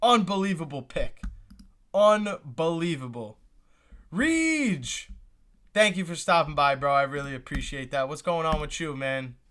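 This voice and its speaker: A man's voice: a little high, lively intonation, measured pace, fairly bright tone. A young man hosting a live reaction stream, exclaiming and repeating himself as he talks to his chat. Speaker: livestream host reacting to the draft.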